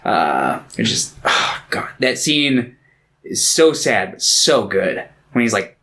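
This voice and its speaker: A man's voice: fairly low pitch, sing-song, slow pace, pushed and bright. A man co-hosting a movie podcast, retelling scenes in loose, profane casual chat and briefly putting on character voices. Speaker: podcast co-host.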